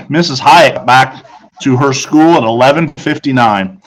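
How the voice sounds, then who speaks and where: A man, a teacher, narrating a children's novel aloud in a steady storytelling voice that picks up speed in tense moments. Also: mid-range voice, a little slow, low-quality recording.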